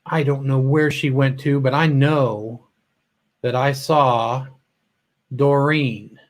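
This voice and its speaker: Steady in tone and medium in pitch, this livestream host speaks at a slow pace. He greets his viewers by name during the casual stream, a little choked up, and many of his sentences trail off unfinished.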